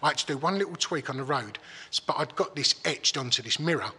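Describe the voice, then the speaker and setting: Man, husky, bright, casual storytelling, swearing, long reverb. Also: a little high, expressive. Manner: swears freely, halting restarts. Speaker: guest telling a story.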